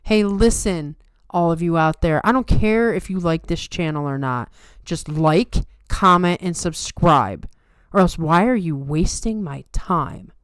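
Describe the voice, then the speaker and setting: A woman's voice: on the low side, animated, unhurried, hardly any pauses, no room sound. A woman putting on a tired, grumpy version of herself for a blunt channel plug. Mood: fed-up. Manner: blunt and exasperated.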